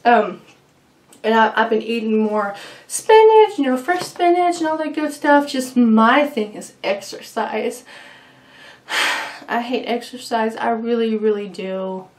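A woman's voice: a little high, animated, unhurried, reverberant. A young woman chatting casually to camera, rambling with lots of fillers and giggles. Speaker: vlogger. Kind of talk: casual chat. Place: home room.

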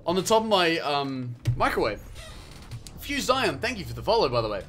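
A young man with a New Zealand accent, chatting casually and excitably while streaming a game, swearing and yelling at the action. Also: a little high, fairly quick, faint music behind. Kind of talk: casual live-stream gameplay chat.

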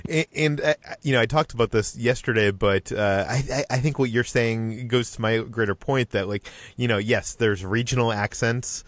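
A man's voice: mid-range voice, dry recording. A man from Boston hosting a podcast, chatting casually and reading listener mail with lots of fillers and restarts. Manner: halting, many fillers and restarts. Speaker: podcast host.

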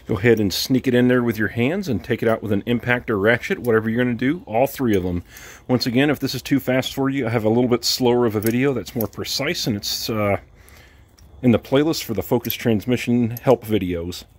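Husky-voiced man explaining a car repair. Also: mid-range voice, brisk. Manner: plainspoken, matter-of-fact, with fillers and wry asides. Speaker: DIY car repair vlogger. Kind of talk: casual step-by-step repair instructions. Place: home driveway, working under a car.

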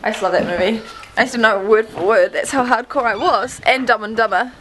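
A woman's voice: on the high side, fast, a bit bright, rough recording. A woman chatting casually in a family vlog, playful, cooing at her pets. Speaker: vlogger. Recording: home camera with clear background noise.

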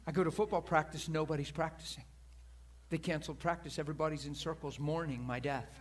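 A man preaching from the pulpit, telling a story in an animated way, laughing and rambling at himself. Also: a little high, fast talker, noisy background. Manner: animated, laughing storyteller who acts out quoted voices; self-deprecating and rambling. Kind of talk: sermon storytelling. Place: church pulpit.

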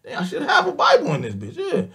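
High gravelly guy ranting, aave accent, swears a lot, pitch swings all over. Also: wildly swooping pitch, fast, fairly bright tone. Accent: African American Vernacular English. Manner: emphatic, swears often, repeats oaths, voice leaps up when worked up. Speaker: vlogger ranting to camera. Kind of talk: heated monologue rant.

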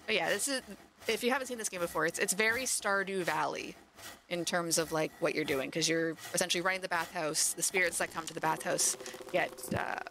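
A woman's voice: on the low side, brisk, pushed and bright, a little hiss or hum. A woman streamer chats through a cozy game in a loose, rambling way. Her talk is full of fillers and casual asides. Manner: chatty, rambling, many fillers.

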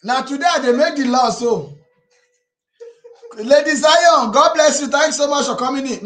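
A man with a Nigerian Pidgin English accent hosting a casual live stream, teasing viewers and reading out their comments. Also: extremely high pitch. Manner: animated, teasing, reads viewer comments aloud. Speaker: YouTube live stream host.

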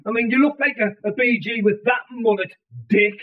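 A man doing a squeaky sarcastic heckler, tinny sound. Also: moderate pace. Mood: mocking. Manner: sarcastic, mocking laughter.

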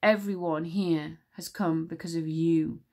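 A woman's voice: low voice, steady tone, unhurried, a little mellow. A woman voicing an earnest young boy hero in a storybook reading, close to her own voice.

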